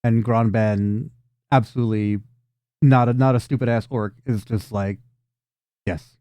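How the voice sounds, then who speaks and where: A man narrating a tabletop game as game master, in a relaxed, descriptive way. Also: medium pitch, moderate pace, no echo.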